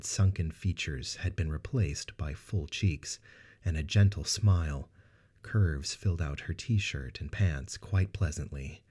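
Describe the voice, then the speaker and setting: Brief: low, dark-toned male narrator for sci-fi audio fiction.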